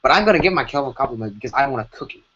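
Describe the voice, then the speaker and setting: Racing along in an expressive, sharp-toned mid-range voice, this streamer chats casually while animating on a live stream. He rambles, keeps correcting himself, and uses plenty of fillers, all captured by a broken computer mic with a dull lo-fi sound.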